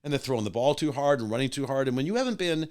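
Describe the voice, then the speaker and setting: An older man spins a long anecdote in a relaxed conversation. His voice rises and falls widely as he slips into the voices of the people he quotes. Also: mid-range voice, racing. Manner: animated anecdote teller, acting out voices of others. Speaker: podcast guest, musician and radio host. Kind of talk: casual storytelling.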